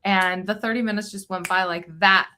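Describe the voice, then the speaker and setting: A woman's voice: medium pitch, steady tone, a little fast, bright, forceful tone. A woman hosting a podcast interview, enthusiastic and affirming, sharing her own experiences. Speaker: podcast host. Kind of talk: casual interview chat.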